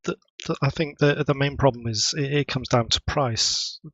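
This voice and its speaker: A man co-hosts a gaming podcast and makes his points plainly and matter-of-factly. His voice is husky and breathy. The mic sounds dull and lo-fi, with no room echo at all. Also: mid-range voice, fairly even intonation, moderate pace, a bit bright. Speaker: podcast co-host. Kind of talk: casual chat.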